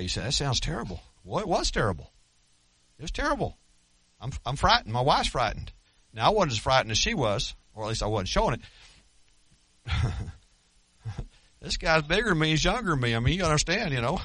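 A man's voice: mid-range voice, bright, forceful tone, breathy edge, no echo. A middle-aged man preaching a sermon as pastor, telling stories earnestly with self-deprecating humor.

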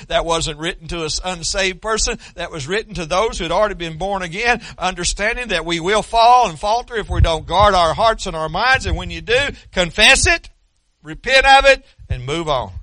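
An older man preaching a sermon, folksy and fervent, stammering through restarts and breaking into shouts. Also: high-pitched, no echo. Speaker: pastor.

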